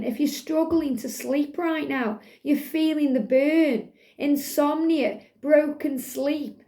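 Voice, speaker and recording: A middle-aged woman gives a spiritual tarot reading in a soft, soothing way, sometimes half-singing lyrics. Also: sits high. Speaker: tarot reader.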